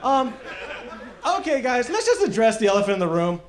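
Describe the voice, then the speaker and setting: A young man from Texas doing a stand-up comedy set on a club stage, self-mocking, with loud bursts for acted bits. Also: very high voice, big pitch swings, brisk, a faint crowd. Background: audience laughter.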